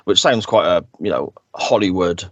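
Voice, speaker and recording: A man co-hosting a podcast, chatting casually and acting out quotes in exaggerated high voices. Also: normal speed, dry recording, lo-fi sound. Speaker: podcast co-host. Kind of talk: casual chat.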